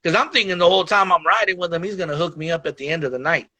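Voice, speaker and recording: A man's voice: sits high, rapid-fire, pushed and bright, no room sound. A man guest on a podcast, telling his life story frankly and casually, full of slang and swearing, calling the listener "bro" and "dog". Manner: slangy and profane, peppers speech with "bro" and "dog". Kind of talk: candid storytelling in casual conversation.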